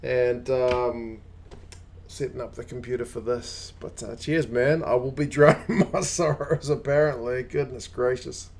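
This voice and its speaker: A man's voice: medium pitch, fairly even intonation, measured pace, gravelly, a little mellow, slight background noise. A man hosting a live rugby watch-along, chatting casually, rambling and greeting viewers by name. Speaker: rugby channel host.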